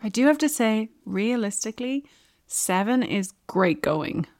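Woman, parenting advisor, calm and matter-of-fact, dry close recording. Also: a little high, a little slow, dry recording. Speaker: parenting expert guest. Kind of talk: casual chat, giving advice.

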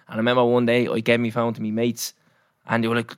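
A man's voice: mid-range voice, fairly even intonation, very fast, dry recording, studio quality. A man in his thirties with a Dublin accent, co-hosting a casual chat with slangy banter and acted-out quotes. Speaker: podcast co-host.

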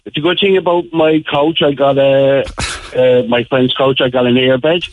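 A man's voice: mid-range voice, steady tone, moderate pace. An Irish man calling in from abroad, chatting and joking with lots of fillers. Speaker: caller abroad. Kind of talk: casual phone chat. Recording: tinny phone line.

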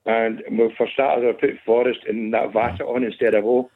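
A man calling a football phone-in, tired and a bit out of breath, calm and dismissive of rivals. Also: mid-range voice, fairly quick. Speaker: caller, Celtic fan. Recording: tinny phone line.

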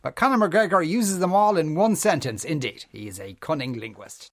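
A man's voice: on the high side, lively intonation, normal speed. A man presenting a radio show, reading out listener messages in a chatty, wry, thinking-aloud way. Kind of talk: casual radio talk.

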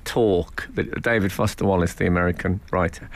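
A man's voice: low voice, steady tone, a little fast. A man with an English accent, hosting a casual radio chat, telling rambling anecdotes with plenty of laughter. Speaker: radio show host.

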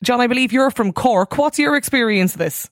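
A woman's voice: fairly high pitch, animated, brisk, no room sound, clean studio sound. Chatty Irish woman radio host. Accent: northwest Irish. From Sligo, Ireland. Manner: chatty, laughs easily. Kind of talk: radio phone-in presenting.

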